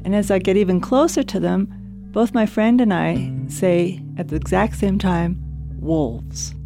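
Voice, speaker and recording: A woman telling a casual spoken anecdote in a measured, reflective way. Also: mid-range voice, gravelly. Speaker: guest storyteller. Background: music.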